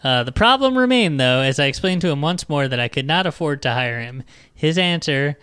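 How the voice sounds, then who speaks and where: A man's voice: a little high, expressive, brisk, a bit bright, clear, resonant tone, no echo, studio quality. A man in his thirties hosting a podcast, ranting and cursing casually while reading passages from a book aloud. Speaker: podcast host. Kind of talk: casual comedic book discussion.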